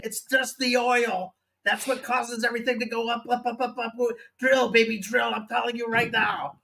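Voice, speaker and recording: A man's voice: very high-pitched, level tone, normal speed, creaky, bright, forceful tone, slight background noise, full character voice. A man doing an impression of a boastful older politician, rambling and repeating himself.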